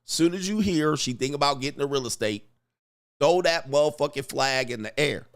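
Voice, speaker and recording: Male commentary host, mid pitch, brash slang, chuckling, repeats his punchlines. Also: moderate pace. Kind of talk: casual reaction commentary.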